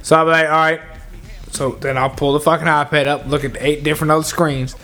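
A man telling a loud, profane work story in casual podcast chat, acting out his coworkers as he goes. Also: a little high, fast, soft background music. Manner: animated storyteller, acts out coworkers, heavy cursing.

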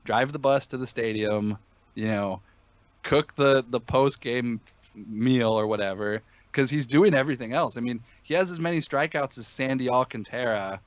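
A man's voice: medium pitch, normal speed, dry recording, highs cut off. A man talking sports betting in a casual podcast chat, emphatic and opinionated, with many fillers and restarts.

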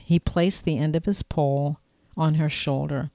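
A woman narrating an audiobook in a steady, clear storytelling manner. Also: low-pitched, moderate pace, no room sound, clean studio sound.

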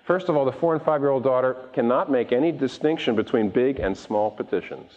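A man preaching a sermon, animated and restarting words as he speaks, acting out the voices of the people he quotes. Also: medium pitch, brisk. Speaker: pastor. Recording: dull recording with long hall reverb.

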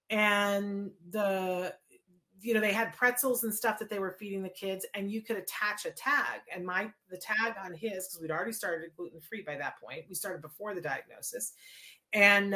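Middle-aged woman telling a story in an interview, bright tense voice, mid pitch, acts out the lines people said. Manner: lively retelling with quoted dialogue and restarts. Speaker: interview guest, mother. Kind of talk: casual personal storytelling.

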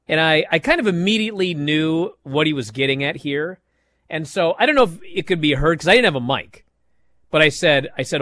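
A man telling a story on a podcast, his voice rising and falling with lively energy. He sits a little high for a man's voice, and the room is dry and close. He restarts his sentences often as he goes. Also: fairly quick, pauses often, dry recording. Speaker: podcast host. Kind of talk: casual chat.

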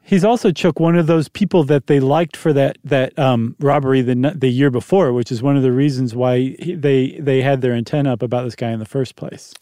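A man co-hosting a podcast in relaxed, joking chat, rambling a little with fillers. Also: medium pitch, a little fast, hardly any pauses, no echo, clean studio sound. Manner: rambling, jokey, many fillers. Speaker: podcast co-host. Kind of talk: casual conversational chat.

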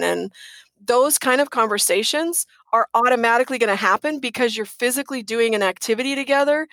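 Earnest, emphatic woman, fairly high voice. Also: a little fast, a bit bright, no echo. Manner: emphatic, earnest, repeats words for stress. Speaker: guest. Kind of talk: casual interview chat.

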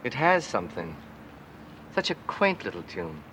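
An actor playing an excitable young male heir, jittery and indignant, in film dialogue. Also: fairly low pitch, a little slow, a little hiss or hum, full character voice. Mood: mesmerized.

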